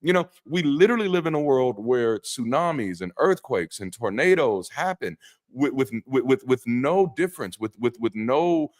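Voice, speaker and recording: A man who used to be a pastor, hosting a live call-in stream and talking to the chat with animated emphasis, preacherly phrasing, blunt slang, casual swearing and frequent restarts. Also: mid-range voice, normal speed. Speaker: host of a live call-in show, former pastor. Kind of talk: livestream monologue to chat.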